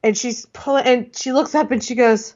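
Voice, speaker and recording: A woman's voice: on the high side, moderate pace, a little mellow, muffled recording. A middle-aged woman, co-hosting a podcast and telling rambling family stories in casual chat. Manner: chatty storyteller, rambling with laughs and restarts. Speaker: podcast co-host.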